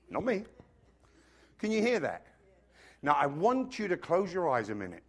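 Animated male preacher, high voice with wide swings, engages the congregation. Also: a little slow, pauses often. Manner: animated preaching, asks the congregation questions, acts out quoted voices. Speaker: pastor. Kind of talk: sermon. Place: church.

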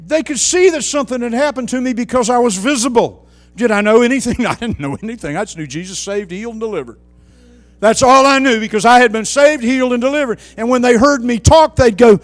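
A man preaching a sermon with passion, swinging between loud, fervent outbursts and quiet, hushed asides. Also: extremely high pitch, fast talker, dry recording.

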